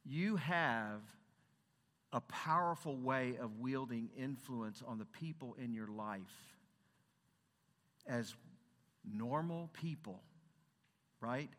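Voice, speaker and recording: Earnest preacher in a reverberant hall. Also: male voice, medium pitch, animated, slow, pauses often, fairly bright tone. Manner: earnest and conversational, with rhetorical questions. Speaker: Christian counselor and former pastor. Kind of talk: conference sermon talk. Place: stage in a large hall.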